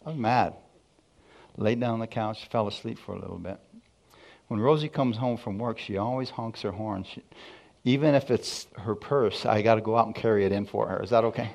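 A man preaching a sermon, telling a personal testimony in a lively storytelling way and acting out the dialogue. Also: lowish voice, a little fast, creaky. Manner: storytelling, animated, acts out dialogue.

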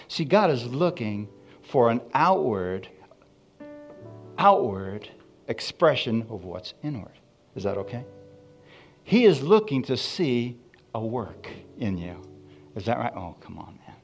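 A man preaches a lively sermon with a voice of middle pitch. Soft instrumental music plays faintly behind him. He punctuates his points with repeated questions to the congregation. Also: slow pace, pauses often. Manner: call-and-response preaching with frequent asides; animated, swings between loud emphasis and soft asides. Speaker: pastor.

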